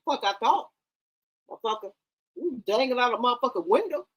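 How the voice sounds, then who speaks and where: A woman streamer in a loud, confrontational, heavily profane livestream rant. She stammers and repeats herself and keeps firing rhetorical questions. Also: fairly high pitch, animated, quick pace, husky.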